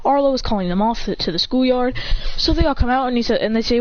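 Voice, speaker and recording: A woman's voice: a little high, fairly quick, few pauses, no echo, muffled recording. A woman casually narrating a homemade story, stringing actions together in long run-on sentences.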